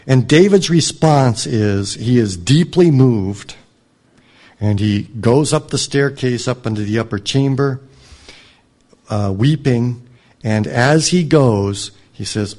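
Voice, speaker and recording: A man reading a scripture passage aloud and commenting on it as a teacher, in a measured, reflective way. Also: mid-range voice. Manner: measured, reflective, drops soft on moving lines. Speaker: Bible teacher.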